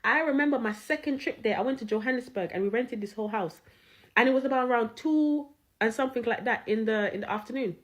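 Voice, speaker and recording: A woman hosts a reaction video, telling stories animatedly and swearing freely. Her voice sits high. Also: fast. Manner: animated, swears, laughs often. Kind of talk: casual storytelling reaction.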